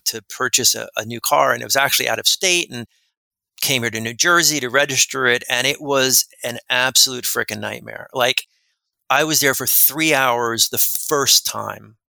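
Man, gravelly edge, rambling animated storyteller, podcast guest. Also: mid-range voice, no echo. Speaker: guest expert on workplace respect. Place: lives in New Jersey.

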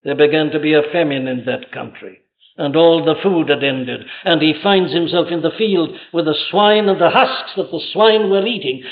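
On a dull, lo-fi old sermon tape, a man with a slightly high voice preaches at a moderate pace. His delivery is emphatic, full of rhetorical questions and vivid retellings of stories.

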